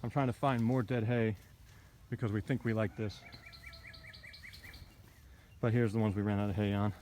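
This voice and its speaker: A man's voice: fairly low pitch, level tone, moderate pace, warm tone, slight background noise. A man giving a casual, rambling tour of his garden outdoors. He is blunt and opinionated and fills his talk with ums and asides. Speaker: homesteading vlogger.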